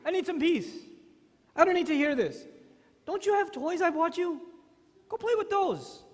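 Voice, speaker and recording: A man's voice: very high voice, lively intonation, normal speed, pitched above the performer's own voice. A man voicing an irritated, worn-out father who wants to be left alone, in a whiny, exasperated tone, recorded in an echoey hall. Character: irritated tired father brushing off his child.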